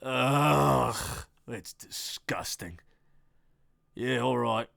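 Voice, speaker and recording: A man voicing a brash, deep-voiced Australian man with a put-on Australian accent and a gruff, bossy manner. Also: drawn-out words, a bit bright, no room sound, studio quality, exaggerated voice. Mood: impatient.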